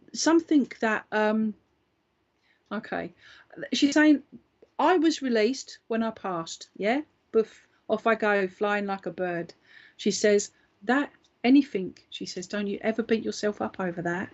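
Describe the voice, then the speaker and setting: A woman's voice: mid-range voice, darkish tone, dull audio. A woman working as a psychic medium, giving a live reading in a chatty, reassuring way and often checking in with her listener.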